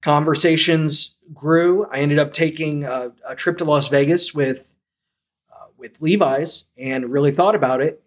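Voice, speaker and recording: Lively storytelling man, slightly high voice. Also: unhurried. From St. Louis, USA. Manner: animated, acts out quoted dialogue. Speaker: podcast guest. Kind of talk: casual storytelling.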